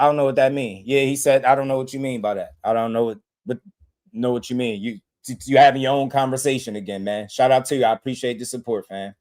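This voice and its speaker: A man speaks into a desk mic on a casual livestream, holding a middle pitch. He talks in loose street slang and stays emphatic. He often repeats phrases and answers his chat directly. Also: darkish tone. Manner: emphatic, repetitive, slangy, reads super chats aloud. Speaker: boxing livestream host.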